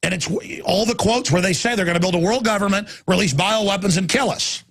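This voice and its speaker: Radio host guy ranting hard, raspy breathy voice, kinda high. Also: fairly quick. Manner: intense, ranting, swinging between shouting and low urgent tones. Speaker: radio talk show host. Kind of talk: impassioned talk radio monologue.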